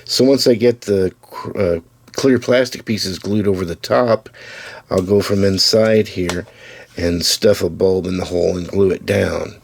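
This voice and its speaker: A man casually talking to camera as he shows the parts of a model car he is building, easygoing and unhurried, with the odd restart. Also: low-pitched, vocal fry. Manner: easygoing, talks to camera while showing parts, with small restarts. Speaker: hobbyist building custom slot cars. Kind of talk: casual build-update video.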